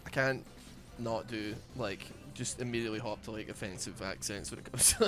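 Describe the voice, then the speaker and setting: A man's voice: fairly low pitch, animated, fairly quick, music in the background. A Scottish man chatting casually while playing a game, rambling and joking with lots of restarts. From Scotland. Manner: rambling, jokey, thinks aloud with many restarts. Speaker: streamer playing a video game. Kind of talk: casual gameplay chat.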